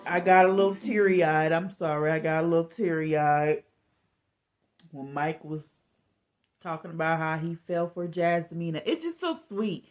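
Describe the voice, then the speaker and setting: A woman's voice: low-pitched, a little slow, darkish tone, faint music behind. A woman giving a casual, chatty recap of a reality TV episode, speaking candidly and calling herself sensitive.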